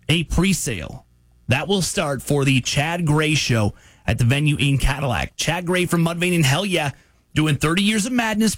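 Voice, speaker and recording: Morning rock DJ, male, husky dry voice, animated pitch, brisk promo reads. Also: no room sound. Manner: brisk announcer delivery, laughs easily. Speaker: radio host. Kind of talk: morning radio show, ads and banter.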